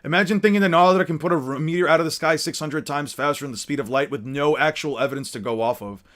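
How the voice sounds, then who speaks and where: A man in casual fan commentary, talking in an animated, rambling way with many restarts. His voice is bright and forceful, sitting a touch higher than most men's. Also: quick pace. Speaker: anime commentator.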